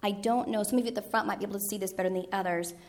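A woman's voice: mid-range voice, fairly even intonation, very fast, a little mellow. A middle-aged woman teaching Latin poetry and history in a presentation, explaining patiently and sometimes correcting herself. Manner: explanatory, with occasional self-corrections. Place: presentation room with a screen.

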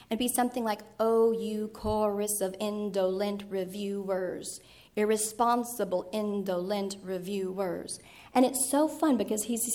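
A woman's voice: mid-range voice, vocal fry. A middle-aged woman teaching Latin poetry and history in a presentation, explaining patiently and sometimes correcting herself. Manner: explanatory, with occasional self-corrections. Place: presentation room with a screen.

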